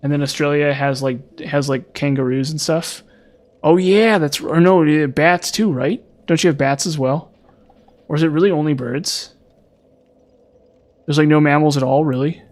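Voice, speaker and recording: A man's voice: a little high, fairly even intonation, moderate pace. A man chatting casually while playing a video game, rambling with lots of fillers and restarts. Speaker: gaming streamer.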